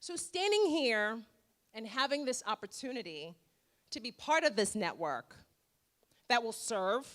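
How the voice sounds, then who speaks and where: A woman in her forties, a dentist giving an emphatic, rhetorical motivational speech with dramatic pauses at a gala. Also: on the high side, very animated, fairly bright tone. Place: gala event room.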